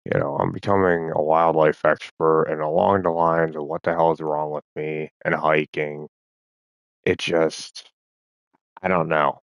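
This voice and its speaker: A man's voice: very deep voice, little pitch movement, measured pace, creaky, clear, resonant tone, dry recording, muffled recording. A man vlogging in a rambling, profane monologue, as if talking to himself.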